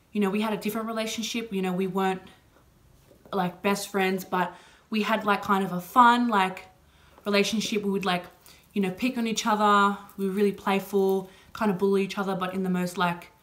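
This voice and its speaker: A woman's voice: mid-range voice, a bit bright. Young Aussie woman, vlog Q&A, open and emotional, lots of filler words. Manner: chatty, heavy on "like" and "you know" fillers. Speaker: vlogger. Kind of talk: casual personal Q&A.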